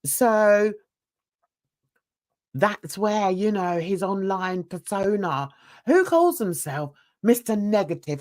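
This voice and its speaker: A woman's voice: mid-range voice, lively intonation, slow, darkish tone. A woman hosting a drama commentary show, giving emphatic, scornful opinions. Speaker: host.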